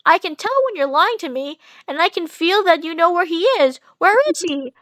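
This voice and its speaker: Brief: woman voicing a gloating evil villain, high-pitched, dry close sound, slow taunting threats. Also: lively intonation, fairly bright tone, dry recording. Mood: accusing. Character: menacing male villain who turns evil. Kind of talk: amateur fanfic reading.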